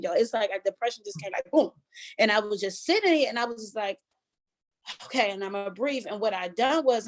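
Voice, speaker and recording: A middle-aged woman hosting a casual motivational talk, speaking earnestly and conversationally and calling her listeners y'all. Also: medium pitch.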